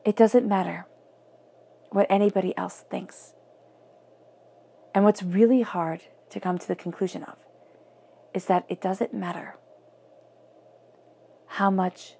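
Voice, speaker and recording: Husky, gravelly woman giving a tarot reading. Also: mid-range voice, fairly even intonation, slow pace, long pauses. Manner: earnest, drops to soft near-whispers for emphasis. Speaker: tarot reader.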